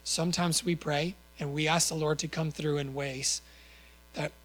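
Earnest male preacher, slightly high voice. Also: little pitch movement, moderate pace, fairly bright tone, faint music behind, rough recording. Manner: earnest, with rhetorical questions and small self-corrections. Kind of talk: sermon.

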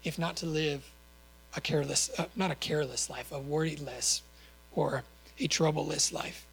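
Earnest male preacher, slightly high voice. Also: fairly even intonation, normal speed, vocal fry, fairly bright tone, husky, poor audio. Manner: earnest, with rhetorical questions and small self-corrections. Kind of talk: sermon.

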